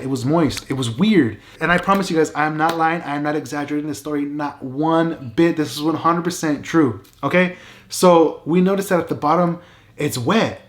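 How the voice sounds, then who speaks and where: Male vlogger, storytime; fairly high pitch, animated and emphatic, leans on fillers. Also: slight background noise. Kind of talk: casual storytelling.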